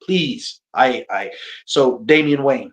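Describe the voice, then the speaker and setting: A man, a pro wrestler talking casually as an interview guest, animated and self-mocking, often laughing and restarting his sentences. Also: mid-range voice, takes it slowly. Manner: frequent repeats and restarts.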